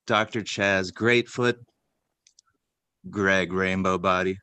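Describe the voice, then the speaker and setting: Bright, crisp deadpan man reading a list. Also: sits low, slow pace, no echo. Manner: rambling, deadpan list reading with many fillers. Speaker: comedy podcast co-host. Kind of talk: casual comedic chat.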